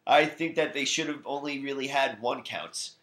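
A man's voice: mid-range voice, normal speed, a bit bright. A man co-hosting a casual wrestling podcast in an easygoing way, with plenty of ums and uhs. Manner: easygoing, many fillers, laughs at jokes. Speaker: podcast co-host. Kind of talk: casual chat about wrestling.

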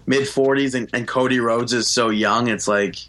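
A man with a bright, forceful edge to his voice, talking in a casual podcast chat. He swears often and keeps stumbling over filler words like "like". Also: medium pitch, steady tone, normal speed. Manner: swears a lot, says "like" often. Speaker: podcast co-host.

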